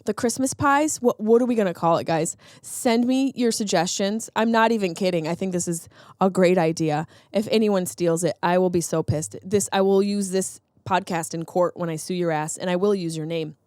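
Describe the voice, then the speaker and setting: A woman's voice: on the low side, moderate pace, darkish tone, no echo, clean studio sound. A woman in her thirties hosting a comedic solo podcast, riffing sarcastically on news stories. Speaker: podcast host.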